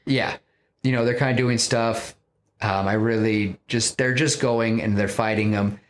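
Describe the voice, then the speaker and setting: A man hosting a podcast, casually pitching a film story in a rambling way, full of fillers. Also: fairly even intonation, unhurried. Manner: rambling, many fillers like "you know".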